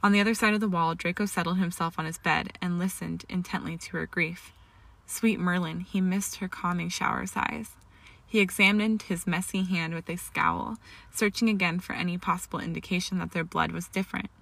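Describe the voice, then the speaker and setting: Low, gravelly woman narrating a story. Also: steady tone, a little fast, fairly bright tone, dry recording. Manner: reads dialogue with raised emotion, small slips and restarts. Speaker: fan fiction reader. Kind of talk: audiobook-style story narration.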